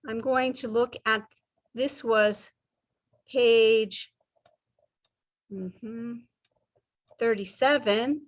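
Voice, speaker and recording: Very slow, careful woman teacher. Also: on the high side. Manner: stretches out example sentences, pausing often. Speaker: English teacher. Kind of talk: slow, deliberate ESL lesson.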